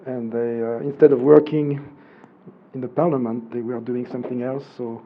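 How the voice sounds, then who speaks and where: A man with a French accent, a professor on a panel, talking haltingly and searching for English words. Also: medium pitch, fairly even intonation, dull audio, a little hiss or hum. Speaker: guest professor. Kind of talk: panel discussion.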